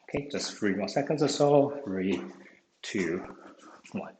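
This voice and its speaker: Low-voiced man leading an exercise class. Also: expressive, unhurried, a little mellow. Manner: encouraging, says "okay" constantly. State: slightly out of breath. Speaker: exercise instructor. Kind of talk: online fitness class instruction. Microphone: video call. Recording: echoey room, faint noise.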